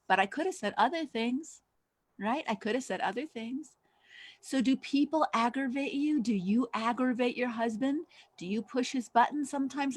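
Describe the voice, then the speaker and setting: A woman's voice: a little high, a bit bright, no echo. An older woman giving a conversational teaching talk as a Christian counselor, asking many rhetorical questions.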